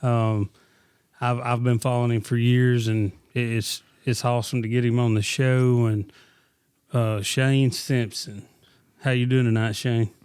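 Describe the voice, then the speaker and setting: A man's voice: mid-range voice, flat delivery, measured pace, a little mellow, clean tone, no echo, clean studio sound. A man hosting a casual podcast, easygoing and a little hesitant as he introduces and questions his guest. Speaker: podcast host.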